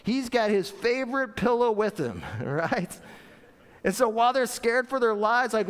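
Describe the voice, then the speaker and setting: A middle-aged male pastor preaching a sermon in a church, animated and playful, acting out voices with laughter. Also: very high voice, a little slow, clean tone. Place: church sanctuary. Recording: long church reverb.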